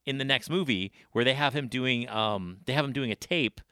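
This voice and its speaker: A man co-hosting a podcast in casual chat, animated and emphatic. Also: mid-range voice, fairly quick, smooth, no room sound, studio quality. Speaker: podcast co-host.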